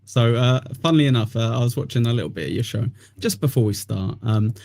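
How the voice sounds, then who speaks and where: A man's voice: mid-range voice, fast talker, creaky, darkish tone. A man hosting a casual podcast, rambling with lots of "uh" fillers and sweary banter. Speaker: podcast host.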